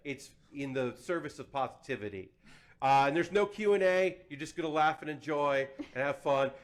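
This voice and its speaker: A man with a somewhat high voice hosts a live convention panel. He talks in a chatty, playful way and pokes fun at himself. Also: animated, normal speed. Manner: chatty, playful, self-deprecating. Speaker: panel host. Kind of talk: casual live panel hosting. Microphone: handheld or table mic.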